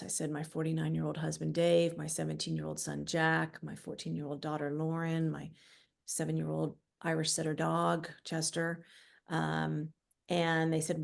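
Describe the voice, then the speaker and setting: A middle-aged woman telling a personal story in a halting way, with many fillers, going quiet at the hardest parts. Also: deep voice, monotone, vocal fry. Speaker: guest author. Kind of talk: personal testimony.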